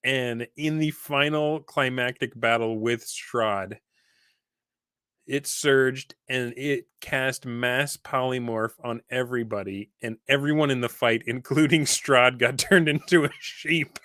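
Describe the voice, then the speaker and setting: A man hosting a live stream chat about tabletop gaming, enthusiastic and quick to laugh. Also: medium pitch, steady tone, bright, forceful tone, no echo, clean studio sound. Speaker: host. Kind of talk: casual chat.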